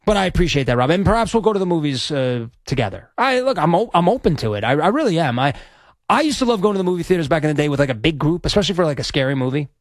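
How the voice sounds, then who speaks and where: A man's voice: a little high, big pitch swings, rapid-fire, no room sound. A man hosting a sports radio show, talking in a rambling, chatty, self-deprecating way into a studio microphone. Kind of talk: casual radio chat.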